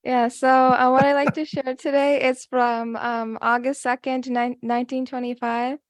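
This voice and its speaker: A woman with a slightly high voice shares a devotional reflection in an earnest, filler-laden way. Her pitch barely moves, and the sound is dry and close. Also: flat delivery, moderate pace, no room sound. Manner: earnest, many fillers, reads passages aloud. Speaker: guest speaker. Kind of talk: devotional sharing.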